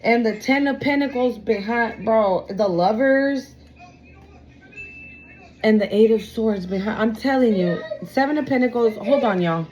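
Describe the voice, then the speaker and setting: A woman's voice: on the high side, a little slow, a little mellow, slight background noise, low-quality recording. A woman giving a casual tarot reading to her viewers, blunt and emphatic, swearing freely and calling them y'all. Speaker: tarot reader.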